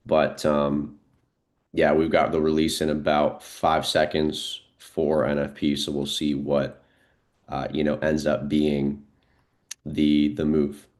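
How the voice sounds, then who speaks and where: A man giving live, unscripted market commentary as a trading streamer, thinking aloud in a relaxed way with frequent fillers. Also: a bass voice, slow.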